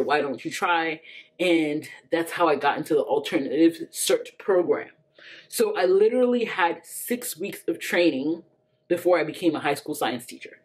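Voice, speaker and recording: A woman's voice: sits low, darkish tone. A woman in her thirties telling a personal story to camera in a chatty, casual way, full of fillers and frequent laughs. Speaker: vlogger.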